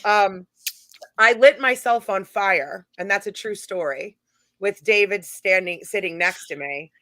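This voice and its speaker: Brief: middle-aged woman guest, forceful, dry close mic, animated storyteller. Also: medium pitch, unhurried, no echo. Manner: animated, chatty anecdote-telling with laughs. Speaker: guest, paranormal event organizer. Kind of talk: casual storytelling chat.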